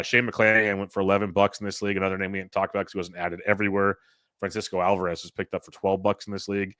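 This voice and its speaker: A man hosting a fantasy baseball podcast, running through his picks in a relaxed, rambling way. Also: low voice, no room sound, clean studio sound. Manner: relaxed, rambling stat rundown. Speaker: podcast host. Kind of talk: casual fantasy baseball chat.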